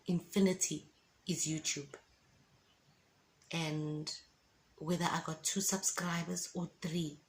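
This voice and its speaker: A woman shares an emotional faith testimony at home, speaking slowly and deliberately. Her voice sits a little low, and she talks with fervent feeling, often asking her listeners if they understand. A faint hum of noise runs underneath. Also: poor audio. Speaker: Christian vlogger giving a testimony. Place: at home indoors with windows open.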